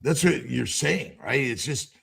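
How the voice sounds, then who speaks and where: A man's voice: medium pitch, animated, measured pace, vocal fry, fairly bright tone, breathy edge. A man hosting a casual livestream chat as a doctor, talking animatedly and repeating words as he searches for them.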